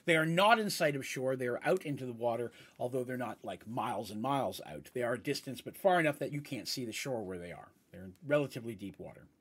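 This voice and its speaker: A man's voice: mid-range voice, expressive, quick pace, hardly any pauses, a bit bright, husky. A man narrating a tabletop role-playing game as game master, in a casual, meandering way with asides.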